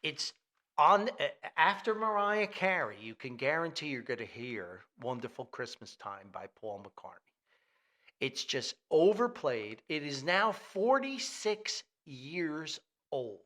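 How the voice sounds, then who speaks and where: A man's voice: fairly high pitch, very animated, slow pace, sharp tone. A man hosting a solo comedic commentary podcast, rambling and self-deprecating, laughing often and restarting his sentences. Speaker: podcast host.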